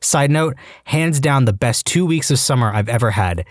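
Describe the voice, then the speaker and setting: A man with a mid-range voice speaks at normal speed, reading online stories from a script in a lively way and changing his voice for each quoted line. The audio is clean studio sound with no room ambience.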